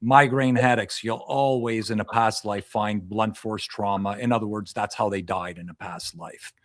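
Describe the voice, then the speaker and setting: Low-voiced man explaining in a dry recording. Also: steady tone, moderate pace, no echo. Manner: explanatory, repeats and restarts phrases. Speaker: past life regression hypnotist. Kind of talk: podcast interview guest.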